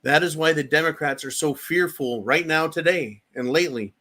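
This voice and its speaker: A man's voice: on the high side, moderate pace, pushed and bright. A middle-aged man hosting a political commentary show, ranting angrily with profanity and sarcastic mock quotes.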